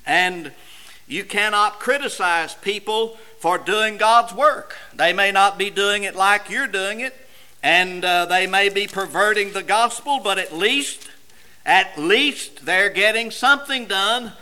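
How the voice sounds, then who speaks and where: A man delivers a sermon in a high, bright voice, speaking slowly and deliberately. He swings from loud declaiming to low, intense passages and addresses the congregation directly. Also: low-quality recording. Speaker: preacher.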